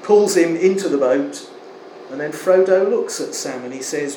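A man preaching a sermon in an earnest, emphatic way, slowing to stress key words. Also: a little high, animated, warm tone. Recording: echoey room, faint air conditioning hum.

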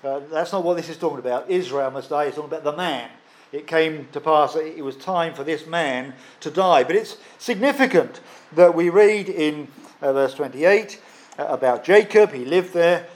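Emphatic male preacher, slightly high voice. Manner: emphatic, repeats key phrases with pauses. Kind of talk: sermon.

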